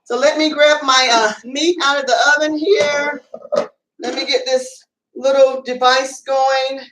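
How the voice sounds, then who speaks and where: A high-voiced woman talks through a home cooking demonstration in a loose, chatty way, pausing often on filler words. She stands some distance from the mic, and her voice rings around an echoey kitchen. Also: steady tone, fairly bright tone. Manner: chatty, rambling, many fillers. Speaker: cooking show host. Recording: echoey room, away from the mic.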